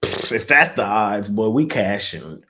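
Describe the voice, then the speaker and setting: Slow-talking laid-back man. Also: lowish voice, animated, sharp tone, slight background noise. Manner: slangy, laid-back banter. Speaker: sports betting show co-host. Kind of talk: casual sports betting chat.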